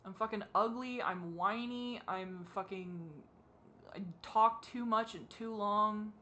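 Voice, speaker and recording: A young adult vlogger crying while talking to the camera, asking halting, self-critical questions in a rambling way. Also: mid-range voice, bright, forceful tone. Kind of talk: confessional talk to camera.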